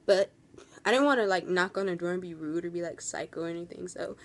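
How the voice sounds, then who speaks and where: A woman's voice: fairly low pitch, fast talker. A young woman vlogging in a casual, rambling storytime, gushing and full of fillers.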